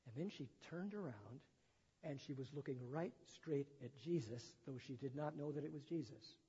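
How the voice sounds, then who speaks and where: Man preaching, very husky mellow voice, long church echo, dull sound. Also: medium pitch, expressive, normal speed. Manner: retells scripture in plain words with asides. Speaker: pastor. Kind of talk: sermon with gospel reading. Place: church sanctuary.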